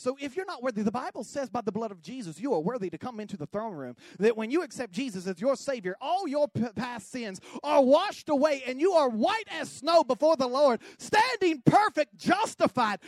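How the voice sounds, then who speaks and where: A male pastor preaching a sermon, moving from quiet storytelling to exuberant shouting. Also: very high voice, very animated, normal speed, dry recording.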